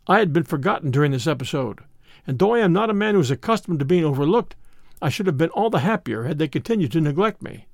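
A man narrating an audiobook in a measured, expressive storytelling way. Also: fairly high pitch, vocal fry, no echo, clean studio sound.

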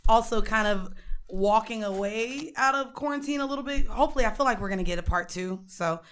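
A woman's voice: fairly high pitch, a little fast. A woman hosting a podcast in a studio, bantering and teasing with a laugh and speaking to the listeners. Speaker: podcast host. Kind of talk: casual chat.

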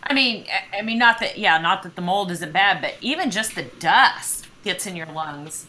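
A woman's voice: lowish voice, expressive, moderate pace, bright, forceful tone. A woman co-hosting a casual chat, talking bluntly with wry humor and firm warnings.

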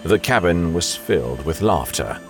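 A man narrating a novel as an audiobook in a measured storytelling manner. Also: sits low, lively intonation, soft background music.

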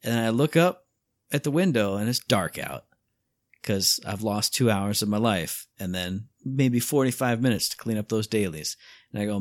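A man co-hosting a podcast in casual chat, telling stories with lively acted-out asides. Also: normal speed, no echo, studio quality. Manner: animated storyteller, acts out his own inner voice with big pitch jumps. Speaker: podcast co-host.

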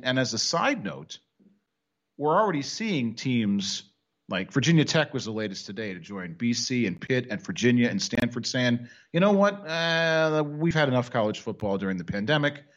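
Animated wisecracking male sports host. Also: mid-range voice, highs cut off. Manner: animated, wisecracking, rambling with restarts. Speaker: sports talk show host. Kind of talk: casual sports talk.

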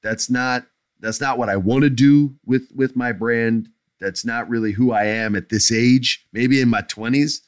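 A man's voice: mid-range voice, fairly even intonation, unhurried, smooth, no echo, clean studio sound. A middle-aged man hosting a podcast, answering listener questions in blunt, emphatic casual chat that drifts into jokes.

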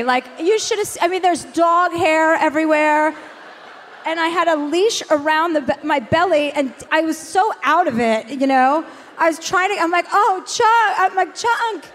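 A woman with a high, bright-pitched voice tells a rambling comic anecdote in a conversation. She's animated and profane, laughing as she goes. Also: a little hiss or hum. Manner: animated, profane, laughs through her story. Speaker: interview guest.

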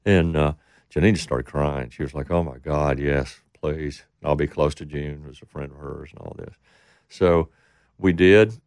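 A man's voice: extremely low pitch, fairly even intonation, a little slow, a little mellow, dry recording, clean studio sound. A middle-aged man telling a rambling story in casual talk, acting out the voices of the people he quotes. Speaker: interview guest.

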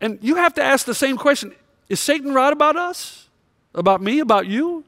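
A male pastor preaching a sermon, telling a personal story in a confessional way, swinging between loud emphasis and quiet moments. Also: very high voice, animated, moderate pace, no echo, studio quality.

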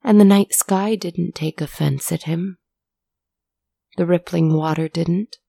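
A woman narrating a dramatic story in a measured, dramatic reading. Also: fairly low pitch, steady tone, creaky, dark tone, dry recording.

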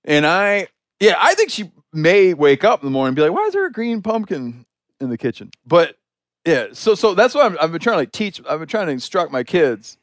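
A man hosting a podcast, telling an anecdote in a chatty, animated way full of "like" fillers. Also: fairly high pitch, fairly quick, no room sound, clean studio sound. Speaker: podcast host. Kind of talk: casual storytelling conversation.

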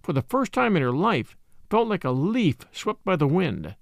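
A man giving scripted, expressive narration of a mystery novel as an audiobook reader. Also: high voice, creaky, no echo, studio quality. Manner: expressive, measured storytelling.

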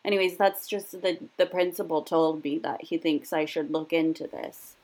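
A woman's voice: deep voice, fairly even intonation, normal speed, a little mellow, low-quality recording. A woman playing a frazzled, overbusy mother of sick kids in an improv comedy scene, defensive and talking over others. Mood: harried.

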